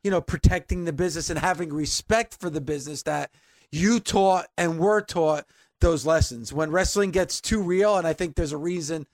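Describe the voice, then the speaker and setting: A male podcast host with a high-pitched voice reads the wrap-up and the credits. He is earnest and polished. The sound is dry and close, with no room around it. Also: normal speed, no room sound. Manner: earnest, polished, thanking and wrapping up. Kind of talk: hosting and outro read.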